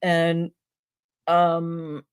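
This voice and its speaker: A woman's voice: on the low side, completely flat delivery, very slow, clean tone. A woman hosting a casual livestream chat, a dog trainer who rambles with lots of fillers. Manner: rambling, filler-heavy talk. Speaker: livestream host.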